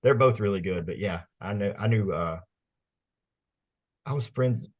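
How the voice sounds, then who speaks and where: Husky-voiced laid-back man. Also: on the low side, measured pace. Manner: laid-back, storytelling, laughs often. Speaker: podcast co-host. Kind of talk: casual chat.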